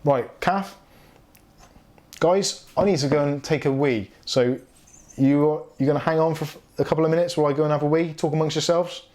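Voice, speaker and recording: A man's voice: a little high, normal speed, a little mellow. A middle-aged man hosting a casual live tech chat stream, reading viewer comments aloud and laughing often.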